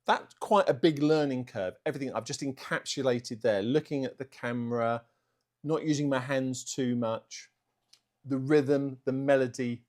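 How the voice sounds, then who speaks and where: A man talking unscripted to camera for his art channel vlog. He speaks in a self-aware way and works on slow, deliberate delivery, though fillers still slip in. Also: medium pitch, darkish tone. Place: indoors, room at home.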